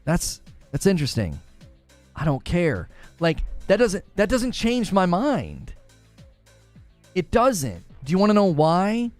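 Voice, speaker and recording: Lively, animated male gaming streamer. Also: high-pitched, slow pace, long pauses, soft background music. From Northern Ohio. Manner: laughing often, teasing chat, animated. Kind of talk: casual live-stream chat.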